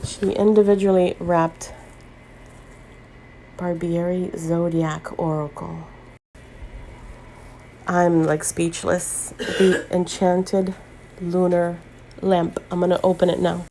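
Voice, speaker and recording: A woman's voice: lowish voice, flat delivery, slow pace, mellow, slight background noise. A middle-aged woman hosting a tarot channel, gushing and choked up as she unboxes gifts in a vlog. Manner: emotional, gushing, near tears.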